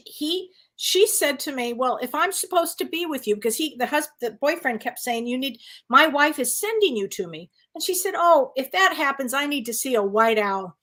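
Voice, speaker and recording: Woman, high voice, psychic medium co-host, animated, laughing storyteller. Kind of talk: casual storytelling chat.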